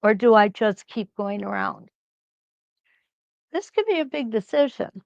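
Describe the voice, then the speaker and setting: A woman hosting a live quilt-along, talking slowly and reassuringly as she thinks aloud through each stitching step. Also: on the high side, animated, gravelly, no echo, highs cut off. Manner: slow, reassuring, thinks aloud while sewing.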